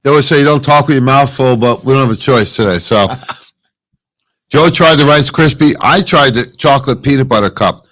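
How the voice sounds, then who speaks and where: A man co-hosting a live promotional show at a wellness store event, pitching products in an upbeat, salesy way. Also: moderate pace, fairly bright tone, no room sound, poor audio. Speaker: co-host.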